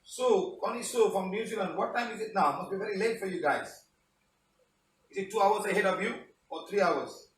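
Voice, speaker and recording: A man's voice: sits high, moderate pace, roomy sound, recorded from a distance, slight background noise, low-quality recording. Chatty man leading a healing session. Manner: chatty, repeats "okay, guys". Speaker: healing teacher. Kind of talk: live online healing session. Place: studio under a spotlight.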